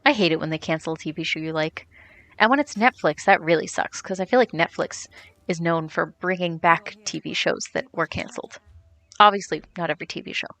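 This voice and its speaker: A woman's voice: lowish voice, a little fast, fairly bright tone. A young woman streamer chatting casually and rambling as she answers viewers while she plays. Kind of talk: casual chat while gaming, reading chat.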